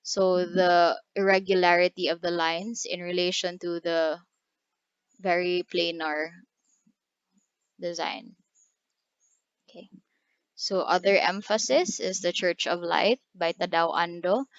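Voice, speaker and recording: A woman giving a design lecture over slides, halting often with fillers and restarts. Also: on the low side, clean tone, dry recording. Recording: dry, dull lo-fi recording.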